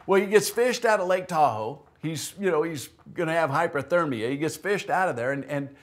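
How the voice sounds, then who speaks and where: A man delivers a sermon from the pulpit, speaking in a relaxed, conversational way as he tells a story. His voice sits a little higher than most men's, and he slips into the voices of the people in his story. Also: fairly quick. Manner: conversational, tells stories with acted-out quotes. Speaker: pastor. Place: church.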